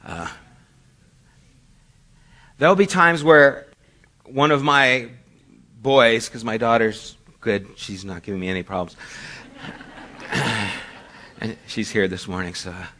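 A man's voice: lowish voice, takes it slowly, pauses often, pushed and bright. A middle-aged male pastor preaching a sermon in a conversational, storytelling way, poking fun at himself. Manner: conversational storytelling with self-deprecating asides.

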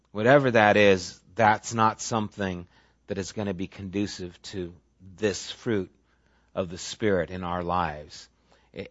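A man's voice: lowish voice, no echo. A man preaching a sermon in an easy, talky way. He slips into little acted-out voices for the people he quotes. The sound is dry and a bit dull, like a lo-fi recording. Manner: conversational, animated, acts out quoted voices. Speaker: pastor.

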